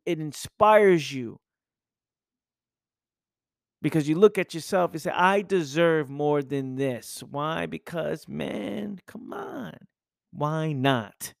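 A man's voice: fairly high pitch, gravelly, no echo, clean studio sound. A man hosting a podcast and delivering an intense, preachy motivational monologue full of rhetorical questions. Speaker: podcast host.

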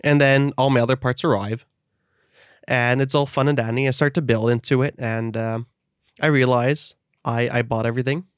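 A man in casual podcast chat tells a story with lively energy, jumping into other people's voices as he quotes them. He is from the Netherlands. His voice sits at a middle pitch, recorded close and dry with no room sound. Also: moderate pace, clear, resonant tone, no room sound.

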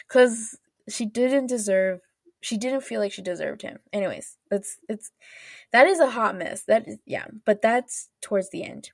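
A woman hosting a podcast, rambling through an animated, casual retelling full of fillers and restarts. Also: mid-range voice, normal speed, gravelly, dry recording, clean studio sound. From United States. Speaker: podcast host. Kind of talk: casual chat.

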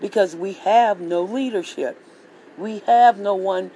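Gravelly voice, angry monologue, profane, repetitive, faint hum behind. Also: medium pitch, unhurried, warm tone, poor audio. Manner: profane, repetitive, heated ranting. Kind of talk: angry political rant monologue.

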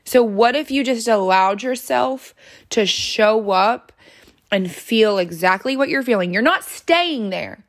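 A woman's voice: fairly high pitch, animated, a little slow. A woman hosting a self-help podcast, earnestly encouraging the listener and reading passages aloud from a book. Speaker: podcast host.

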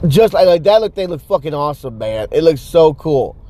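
A man's voice: a little high, expressive, fairly quick, warm tone. A man rambling casually to the camera outdoors at night, full of restarts, fillers and swearing. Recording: faint outdoor traffic noise.

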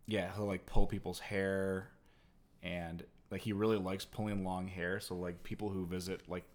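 Man, very low voice, conversational podcast co-host, rambling storyteller. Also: level tone, moderate pace. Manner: rambling, heavy use of "like". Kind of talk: casual storytelling chat.

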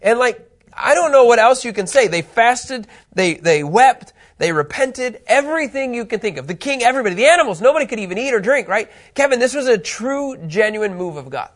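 A middle-aged man teaching a Bible lesson, animated and conversational, often checking in with his listeners. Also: very high voice, fairly quick. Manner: animated, keeps asking "okay?" to check understanding.

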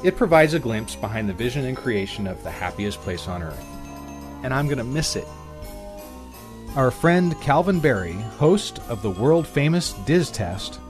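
A man reads his podcast script in an upbeat, announcer-like way. His pitch moves a lot as he speaks. Soft music plays under him. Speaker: podcast host.

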